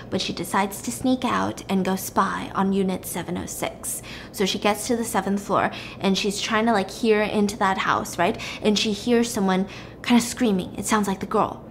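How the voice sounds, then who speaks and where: A woman retelling a drama plot in a chatty, lively way with casual fillers. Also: medium pitch, slight background noise. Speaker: drama recapper. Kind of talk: casual story recap.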